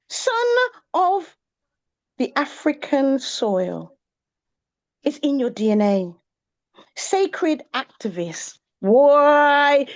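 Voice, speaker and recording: A woman from England performing spoken-word poetry in a rhythmic, chant-like way, with sung and exclaimed bursts. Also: sits high. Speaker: poet. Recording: dull lo-fi recording of a live gathering.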